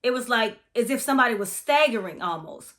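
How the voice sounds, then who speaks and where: A bright, fairly high-voiced woman from Florida recounts an eerie experience in a casual vlog. Her storytelling is chatty and dramatic, with plenty of cursing thrown in. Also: lively intonation, fairly quick. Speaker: massage therapist.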